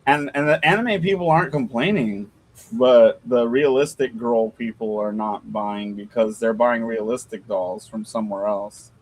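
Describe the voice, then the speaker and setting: A man's voice: mid-range voice, moderate pace. A man co-hosting a casual livestream chat, telling stories loosely and swearing freely. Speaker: co-host of a doll shop stream.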